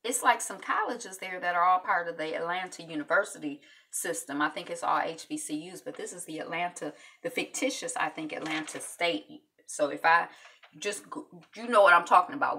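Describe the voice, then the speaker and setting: A woman casually recapping a TV episode, chatty and loose, with lots of ums and quick asides. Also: deep voice, pushed and bright, distant mic, a little hiss or hum. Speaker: TV recap vlogger.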